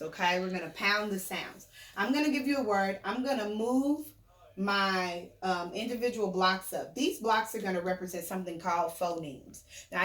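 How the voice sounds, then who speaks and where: Teacher lady doing a phonics lesson, slow and encouraging, kinda roomy echo, middle pitch. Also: fairly bright tone. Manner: patient, encouraging, sounds out phonemes slowly. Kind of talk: remote phonics lesson for children.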